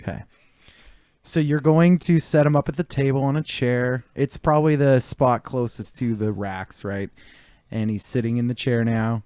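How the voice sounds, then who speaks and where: A man narrating as game master of a tabletop game, joking and relaxed. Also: medium pitch, normal speed, clear, resonant tone, dry recording.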